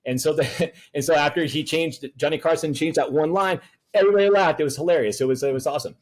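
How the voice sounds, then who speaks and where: A man's voice: on the high side, fast talker. A man speaking as a guest in an interview, telling stories in a rambling way with many fillers. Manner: rambling, filler-heavy storytelling. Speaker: talent producer and voice actor guest. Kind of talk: conversational interview.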